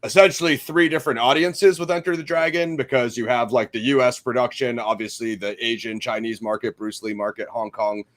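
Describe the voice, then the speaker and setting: A man's voice: mid-range voice, steady tone, fairly quick, hardly any pauses, fairly bright tone. Laid-back slangy man chatting films. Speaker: podcast host. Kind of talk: casual chat, film review.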